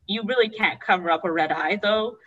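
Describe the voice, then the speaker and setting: A woman's voice: medium pitch, fairly quick, a bit bright, husky, highs cut off. A young adult woman, a guest, candidly telling an emotional personal story and acting out the voices she quotes.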